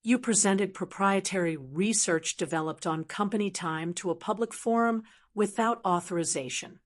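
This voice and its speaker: A woman's voice: mid-range voice, moderate pace, close to an everyday voice. A woman reading as a clipped, furious female boss. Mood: cold. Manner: clipped, cold, threatening.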